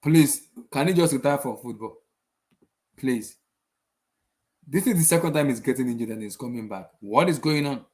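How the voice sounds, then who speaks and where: A man's voice: medium pitch, normal speed, pauses often, a little mellow. A young man hosting a casual football channel, ranting after a match with exasperated rhetorical questions and lots of repetition. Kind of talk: casual post-match rant.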